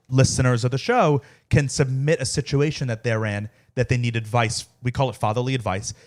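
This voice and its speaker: A young man co-hosting a casual podcast in an easygoing way, reading items aloud. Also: mid-range voice. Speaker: podcast co-host, son. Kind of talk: casual chat.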